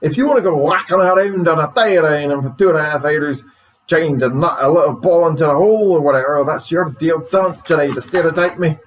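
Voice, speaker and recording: Man playing a high, blustery guest who rants defensively. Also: a little fast, close to an everyday voice, poor audio. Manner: loud, defensive, ranting. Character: touchy Scottish man, defensive radio guest.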